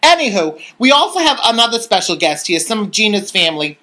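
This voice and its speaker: A woman's voice: mid-range voice, big pitch swings, brisk, sharp tone. A woman playing a gushing, flustered middle-aged former showgirl aunt who rambles and fusses in an improvised comedy sketch.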